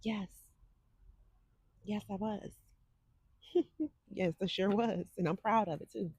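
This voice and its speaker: A woman in her forties speaks at a slow pace on her psychic livestream, her medium-pitched voice husky with a darkish tone. She's chatty and sassy, addressing viewers directly in a casual way, recorded dry through a desk microphone.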